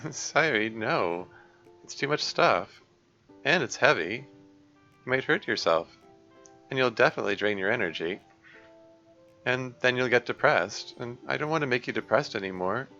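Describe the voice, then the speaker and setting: A man's voice: medium pitch, lively intonation, pushed and bright, highs cut off, soft background music, pitched above the performer's own voice. A man voicing a weary, emotional young woman. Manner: weary, halting, subdued. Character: tired, emotional young woman, usually composed.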